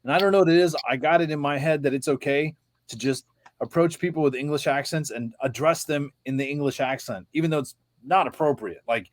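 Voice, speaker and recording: A man's voice: on the high side, brisk, no echo. A man who works in voice-over, chatting as a podcast guest in an easygoing, joking way. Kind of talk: casual chat.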